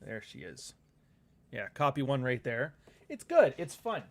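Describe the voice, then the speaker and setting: A man's voice: medium pitch, wildly swooping pitch, a little slow. A man hosting a casual livestream chat, rambling and profane, reading viewer comments aloud and often laughing. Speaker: author and livestream host.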